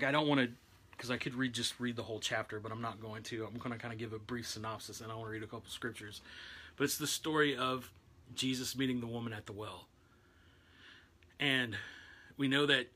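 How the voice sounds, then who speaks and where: Casual preacher, conversational, bright and forward tone. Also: male voice, mid-range voice. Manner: loose and conversational, with restarts. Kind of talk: casual sermon retelling a Bible story.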